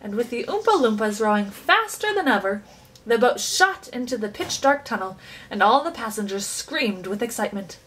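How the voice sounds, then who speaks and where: A woman reads a children's story aloud, bringing each scene to life. Her voice sits high and swings widely, full of expressive storytelling. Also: normal speed, slightly rough, low-quality recording. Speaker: reader. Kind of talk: reading a children's book aloud.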